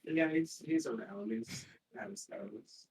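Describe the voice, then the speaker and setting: A man's voice: on the high side, expressive, slow, creaky, darkish tone, far from the mic, slight background noise, voice pushed up, heavily acted, poor audio. Man doing a drawling swamp fisherman. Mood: laid-back. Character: laid-back male swamp fisherman.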